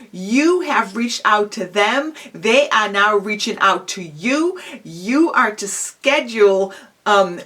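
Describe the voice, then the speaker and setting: A woman with a fairly high voice delivers a self-help lecture, coaching the listener directly. She talks in a loose, conversational way, peppering her advice with rhetorical questions and plenty of "um" and "you know.". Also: a bit bright. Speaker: psychology professor giving advice.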